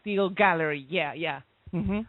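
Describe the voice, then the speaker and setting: A man's voice: on the high side, measured pace, no echo. A man from Greece, a musician guest in an interview, laughing often and searching for his words. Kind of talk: interview over a call. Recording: dry, tinny call line.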